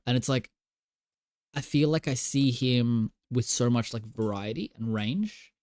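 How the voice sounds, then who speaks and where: A man's voice: mid-range voice, a little slow, a little mellow. A man co-hosting a podcast, chatting casually about a film in a rambling way, full of "like" and "you know". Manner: rambling, filler-heavy, lots of "like" and "you know". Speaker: podcast co-host.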